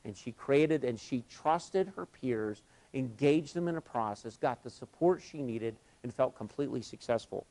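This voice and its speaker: A man leading a live workshop session, telling stories with lively energy and acting out both sides of conversations. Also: medium pitch, moderate pace, hardly any pauses. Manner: animated, acts out both sides of dialogues. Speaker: workshop facilitator.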